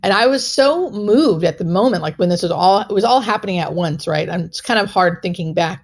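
A woman's voice: lowish voice, animated, fairly quick, few pauses. A woman hospice nurse telling a personal story in an interview, earnest and emotional, with many filler words.

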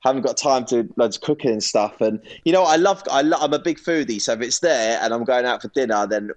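A man's voice: medium pitch, animated, a little fast. A young man from North London with a London accent, chatting casually as a guest and laughing easily. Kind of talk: casual chat.

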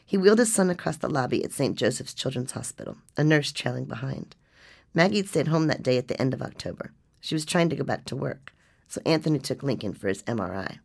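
A woman reading a nonfiction story as narrator, with a measured, restrained delivery. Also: rumbling low, lively intonation, creaky, a little mellow, husky.

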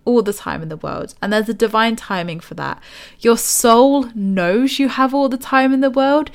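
A woman's voice: a little high, normal speed. Chatty, enthusiastic young woman. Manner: chatty, enthusiastic, acts out quoted voices. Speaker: spiritual author and podcast host. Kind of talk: casual motivational talk.

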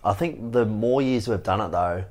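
A man's voice: fairly low pitch, normal speed, darkish tone. A man co-hosting a podcast, talking in an easygoing, matter-of-fact way. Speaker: podcast co-host. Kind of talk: casual chat.

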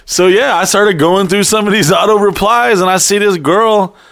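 A man tells a crude story on a podcast with a gravelly edge to his fairly high voice. He swears freely and slips into the voices of the people he quotes. The sound is close and dry. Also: moderate pace, no room sound. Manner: profane, animated storyteller who acts out quotes. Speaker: podcast host. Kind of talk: casual storytelling chat.

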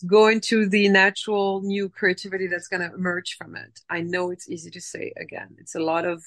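Animated motivational woman, dry close sound. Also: lowish voice, fairly quick, dry recording. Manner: animated, motivational, acts out inner voices. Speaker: guest, dubbing producer. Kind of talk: casual podcast interview.

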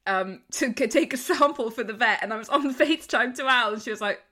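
A woman co-hosting a podcast in lively, casual chat, teasing her co-host and swearing freely. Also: on the high side, a little fast.

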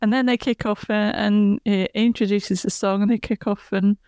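A woman's voice: medium pitch, steady tone, moderate pace, a little mellow, clean tone, no room sound. A woman chatting casually on a podcast, retelling a TV episode scene by scene. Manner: chatty, retelling scenes with laughs and quoted lines.

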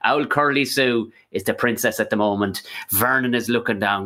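A man's voice: mid-range voice, brisk, few pauses. A man talks casually on a podcast, his voice leaping up and down as he builds comic rants. He is playful and over the top, turning small gripes into absurd bits. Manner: animated, jokey, prone to rants and comic exaggeration. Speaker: podcast co-host. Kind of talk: casual chat.

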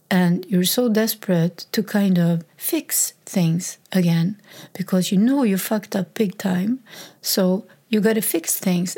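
Woman, slow halting speech, raw personal testimony, reflective, mid pitch. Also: warm tone, breathy edge. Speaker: speaker sharing a personal story.

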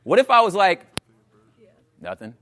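Casual slang-heavy preacher, a man in his thirties, pitched high, talks like chatting with friends. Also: moderate pace, a little hiss or hum. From Los Angeles area. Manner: animated, slangy, asks the crowd "you know what I'm saying". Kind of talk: conversational sermon.

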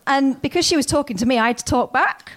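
A woman's voice: high-pitched, fast, slight background noise. A woman co-hosting a comic podcast with dry, teasing banter. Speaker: podcast co-host. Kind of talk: comic casual chat.

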